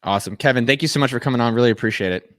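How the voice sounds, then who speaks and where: A man's voice: medium pitch, very fast, no room sound, clean studio sound. An American man hosting a live online show, joking with viewers and introducing guests with lots of energy. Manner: energetic, jokey, rambling. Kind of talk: hyped livestream hosting. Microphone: video call.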